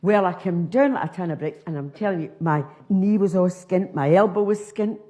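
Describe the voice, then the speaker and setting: Scottish woman, comedian, lower voice, broad earthy storytelling, acts out voices. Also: normal speed, warm tone. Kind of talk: comic storytelling monologue.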